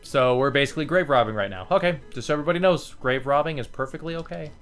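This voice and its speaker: A man's voice: on the high side, fast talker, fairly bright tone, faint music behind. A man giving casual commentary as he plays a game, chatty and profane, easily amused and talking to his viewers. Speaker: let's play host.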